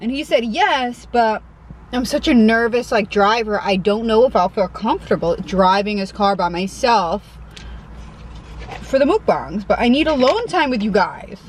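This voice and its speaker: A woman's voice: a little high, lively intonation, moderate pace, a little hiss or hum, rough recording. Chatty woman eating in a parked car. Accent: Connecticut. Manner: chatty and self-deprecating, eating between remarks. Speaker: mukbang vlogger. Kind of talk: casual eating vlog chat.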